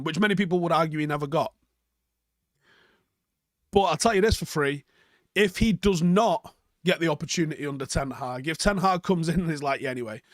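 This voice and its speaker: A man's voice: a little high, fairly bright tone, dry recording, studio quality. Sweary guy ranting over chat. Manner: sweary, rambling, with frequent ums. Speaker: fan channel host reading live chat. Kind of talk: casual live-stream chat.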